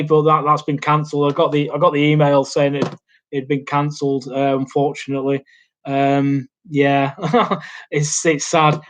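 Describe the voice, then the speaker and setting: Rambling man chatting at his laptop. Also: fairly high pitch. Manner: rambling, hesitant, lots of ums and restarts. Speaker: YouTube host. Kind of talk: casual live Q&A chat. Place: small home studio indoors. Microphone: laptop mic.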